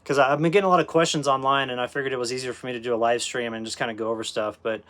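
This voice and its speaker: A man's voice: medium pitch, steady tone, very fast, a bit bright, no room sound, low-quality recording. A man hosting a casual live stream from his rural off-grid property, easygoing and greeting viewers by name as brother. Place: outdoors on windy rural property and inside a camper. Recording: windy outdoor phone audio with gusts. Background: wind noise.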